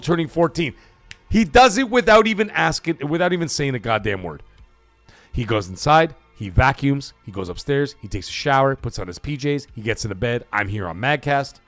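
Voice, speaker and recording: Profane, animated male stream host. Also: mid-range voice, brisk, dry recording, soft background music. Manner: loose, profane, rambling with bursts of shouting. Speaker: livestream host. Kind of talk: casual live-stream chat.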